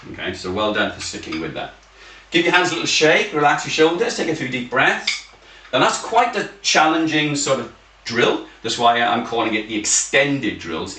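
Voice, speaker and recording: A man teaching an online taiko drumming class, encouraging the group and counting beats out loud with shouts. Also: mid-range voice, sing-song, moderate pace, a little hiss or hum. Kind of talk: online group music lesson. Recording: echoey room, slightly distant mic, drums behind. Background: taiko drums.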